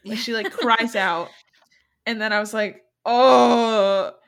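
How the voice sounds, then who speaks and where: A woman hosting a podcast, retelling a story in casual, animated chat full of "like". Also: a little high, normal speed. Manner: chatty, animated retelling with frequent "like". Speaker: podcast host.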